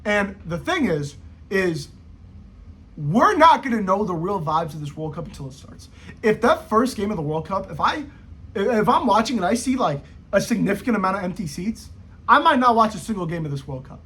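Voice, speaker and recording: Husky, high-voiced guy ranting. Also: sing-song, moderate pace, a bit bright. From United States. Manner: rambling, slangy, profane, jumpy pitch swings. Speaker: football vlogger. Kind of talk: casual rant to camera.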